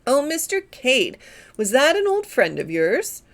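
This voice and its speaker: A woman's voice: high voice, wildly swooping pitch, measured pace, full character voice. Gushing young tourist girl, as a woman reads her. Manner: gushing, coquettish.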